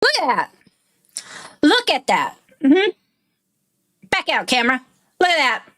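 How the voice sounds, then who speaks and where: Brief: gamer woman, high voice, slow drawl, swearing and joking. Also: wildly swooping pitch, a bit bright. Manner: casual, profane and joking. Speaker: gaming streamer. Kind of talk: game let's play commentary.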